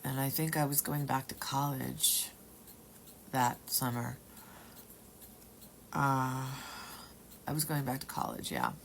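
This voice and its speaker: A woman at home telling a personal story in a rambling, halting way, sometimes dropping to a whisper. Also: extremely low pitch, animated, gravelly, slight background noise. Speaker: testimony speaker.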